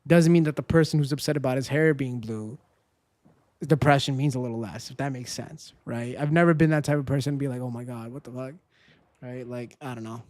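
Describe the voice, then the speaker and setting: A man's voice: medium pitch, steady tone, fairly quick, darkish tone. A man streaming a game and chatting casually with viewers, rambling and candid, swearing now and then and tagging nearly every sentence with "right?". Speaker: gaming livestreamer. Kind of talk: casual livestream chat with viewers.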